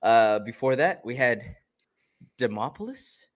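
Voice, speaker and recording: Co-host, male, mid-pitched, laid-back and jokey, steers the talk. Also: lively intonation, unhurried. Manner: easygoing, leads the run-through, jokey. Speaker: podcast co-host. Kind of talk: casual chat.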